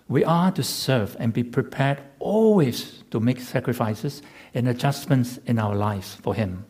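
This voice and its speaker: Male preacher, sermon delivery; slow and deliberate, slightly husky, emphatic. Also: medium pitch, a little mellow. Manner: measured, emphatic, with rhetorical repetition. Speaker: pastor.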